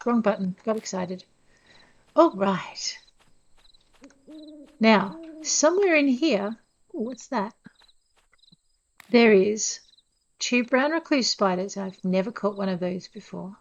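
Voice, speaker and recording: Here a woman of middle pitch narrates a game slowly and with frequent pauses, her commentary easygoing, talkative, and self-deprecating as she speaks right to her audience. A basic home microphone leaves the sound a bit dull and lo-fi.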